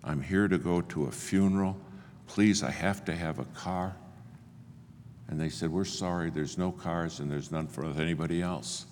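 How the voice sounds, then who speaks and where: An older man preaching a sermon, telling stories and acting out the dialogue with big swings in pitch and loudness. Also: fairly even intonation, normal speed, slight background noise. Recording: long hall reverb, faint ambience.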